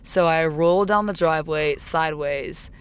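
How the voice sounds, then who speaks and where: A young woman telling personal stories as a guest in casual chat. She is animated and profane, and shouts when reenacting her own outbursts. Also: sits low, normal speed, smooth. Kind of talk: casual storytelling.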